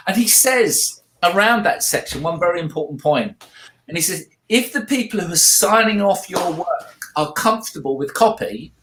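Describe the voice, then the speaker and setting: A co-host with a South London accent talks through a book in casual chat. They hesitate and restart often while explaining. The voice sits mid-range, and the room adds a clear echo. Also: mid-range voice, expressive, moderate pace, fairly bright tone, slight background noise. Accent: British, South London. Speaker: podcast co-host. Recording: echoey room.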